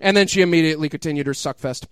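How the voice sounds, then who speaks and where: A man with a high, smooth, clear voice reads crude fiction aloud in a mock-dramatic style. He keeps laughing and breaking off into incredulous asides. The sound is close and dry. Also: very fast, fairly bright tone, dry recording. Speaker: comedic reader.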